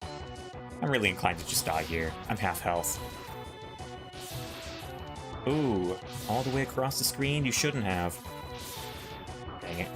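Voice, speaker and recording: A man's voice: fairly low pitch, animated, takes it slowly, long pauses. A man casually commenting on his own gameplay, playful and jokey, talking to himself and hunting for puns. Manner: playful, jokey, talks to himself while playing. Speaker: let's play host. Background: game music.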